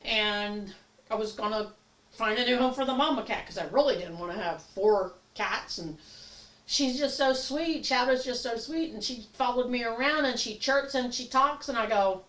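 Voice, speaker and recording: A woman's voice: medium pitch, moderate pace, a bit bright. An older woman chatting in a rambling comic monologue, acting out little voices as she goes. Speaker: comedy vlogger. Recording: echoey room, a bit far from mic.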